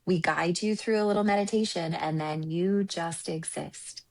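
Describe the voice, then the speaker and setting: A relationship coach and Reiki practitioner speaks in a fairly low voice with vocal fry at normal speed. During a conversational interview she tells stories in an earnest, reflective way, regularly ending her points with "right?".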